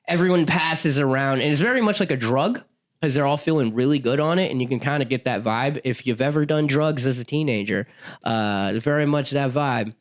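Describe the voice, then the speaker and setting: A man's voice: medium pitch, fairly quick. Rambling casual podcast co-host man. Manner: rambling, filler-heavy, laughs often. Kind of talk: casual chat.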